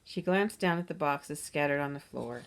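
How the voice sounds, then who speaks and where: Woman reading a children's story aloud, lowish voice. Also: normal speed, a little hiss or hum. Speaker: narrator.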